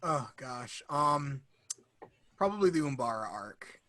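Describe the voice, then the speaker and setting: A man's voice: mid-range voice, lively intonation, slow, sharp tone. A young man co-hosting a podcast, chatting casually and enthusiastically, rambling and acting out quotes. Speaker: podcast co-host. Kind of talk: casual fan chat.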